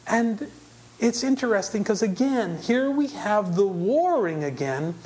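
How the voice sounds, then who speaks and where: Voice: mid-range voice, animated, measured pace, dark tone, slight background noise. Conversational preacher telling a sermon story. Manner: conversational, with frequent self-corrections and asides.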